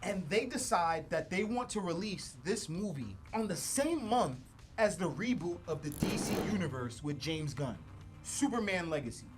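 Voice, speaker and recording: A man's voice: high-pitched, expressive, normal speed, noisy background. A man co-hosting a podcast, talking in a casual, opinionated, slangy way. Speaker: podcast co-host. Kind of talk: casual pop-culture chat.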